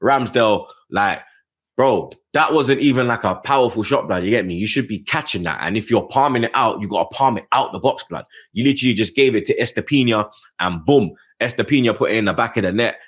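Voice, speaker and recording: Man, fan match review, slangy, passionate, low voice. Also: brisk, a bit bright, breathy edge. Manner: slangy, keeps adding "blood, you get me"; passionate, rising pitch on key points. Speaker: football fan channel host.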